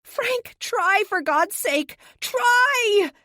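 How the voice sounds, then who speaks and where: A woman voicing a desperate young heroine in power armor, shouting and pleading in a high, strained voice. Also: animated, extremely slow, no room sound, clean studio sound, full character voice. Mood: screaming.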